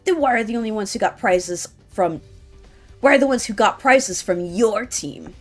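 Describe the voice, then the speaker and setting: A woman doing a gruff, accusing young tough guy. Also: medium pitch, faint music behind, pitched above the performer's own voice, natural voice. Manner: gruff, slow, confrontational. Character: hot-headed young man, accusing and rough.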